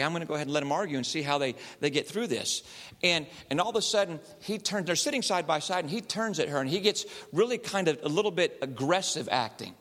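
A man's voice: on the high side, in a large hall. A man, a counselor, telling stories to a live audience and acting out the people in them. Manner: animated, acts out the people in his stories. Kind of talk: storytelling talk to a live audience.

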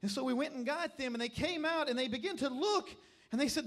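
In a church service, a middle-aged man with a Tennessee accent, from the middle of the state, preaches a revival sermon in a very high, fast voice. He's an emphatic storyteller who works his way up to shouted calls.

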